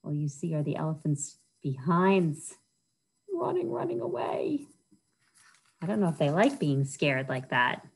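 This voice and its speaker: A woman's voice: sits low, normal speed, few pauses, slightly rough, poor audio. A woman reading a picture book aloud to children at a library storytime, often asking her listeners questions. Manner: animated, asks the listeners questions.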